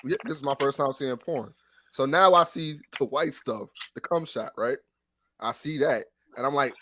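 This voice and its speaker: A man telling a long story in casual chat on a sports podcast, animated and profane, full of restarts. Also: medium pitch, normal speed, no room sound. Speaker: podcast co-host.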